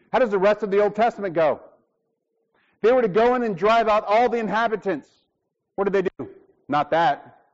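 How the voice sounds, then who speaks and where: A man with a high voice preaches to his church with strong emphasis. He asks rhetorical questions and acts out short exchanges. The sound is dull and lo-fi. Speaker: pastor. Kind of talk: sermon.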